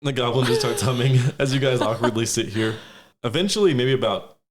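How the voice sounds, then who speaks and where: A man's voice: medium pitch, a little fast. A man narrating a tabletop fantasy game as game master, describing scenes at length with frequent restarts. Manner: descriptive, many fillers and restarts.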